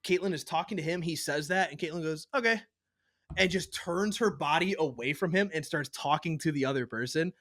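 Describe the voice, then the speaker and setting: A man's voice: a little high, brisk, no echo. Dry-voiced man telling a profane story. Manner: profane, animated, acts out other people's lines. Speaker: podcast co-host. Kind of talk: casual storytelling chat.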